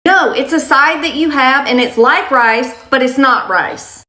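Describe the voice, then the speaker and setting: A woman voicing a pushy, entitled customer ordering over the phone, shrill and insistent. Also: measured pace, bright, forceful tone, a little hiss or hum. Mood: confused. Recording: roomy echo with music.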